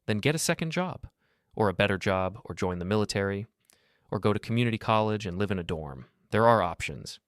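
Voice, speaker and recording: A man with a deep voice reading the lines of a cold, curt father in a storybook narration. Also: lively intonation, brisk, no room sound, studio quality, natural voice. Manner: curt, matter-of-fact. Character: cold dismissive middle-aged father.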